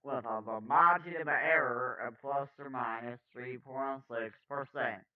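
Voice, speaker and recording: A man hosting a political video, reading out poll figures in a slow, halting way and correcting himself as he goes. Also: medium pitch. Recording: tinny phone-like sound from far off.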